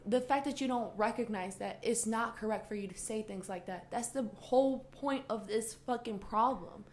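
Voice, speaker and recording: A woman's voice: a little high, moderate pace, slight background noise. A woman co-hosting a podcast, a native Spanish speaker, talking casually and ranting heatedly with a lot of swearing. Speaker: podcast co-host. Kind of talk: casual chat. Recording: roomy echo.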